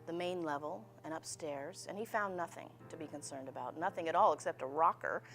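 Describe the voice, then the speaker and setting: A woman's voice: sits low, brisk, fairly bright tone, soft background music. A woman storyteller telling a ghost story in a suspenseful way, her voice sinking toward a whisper at tense moments. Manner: suspenseful, dropping to near-whispers.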